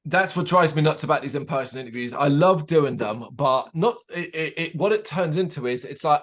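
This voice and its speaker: A man co-hosting a casual chat show, telling an animated anecdote and acting out the people in it, swearing freely. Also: a little high, fairly quick, hardly any pauses. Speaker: podcast co-host.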